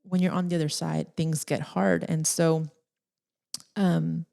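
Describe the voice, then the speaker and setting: A woman's voice: deep voice, little pitch movement, a little slow, gravelly, warm tone. A young woman hosting a solo podcast in a casual, rambling, emotional way, laughing often and tearing up at times. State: tearful at times. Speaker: podcast host.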